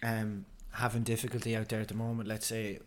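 A man's voice: on the low side, little pitch movement, a little fast. A man, co-hosting a casual podcast, joking around and swearing. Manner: jokey, swearing, breaks into mock rap. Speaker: podcast co-host. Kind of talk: casual chat with freestyle rapping.

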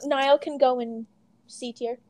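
A young adult woman co-hosting a podcast in casual chat, talking fast and loosely, with lots of "like" and some swearing. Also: high-pitched, fairly even intonation, mellow. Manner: chatty, frequent "like", swears, laughs often. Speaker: podcast co-host.

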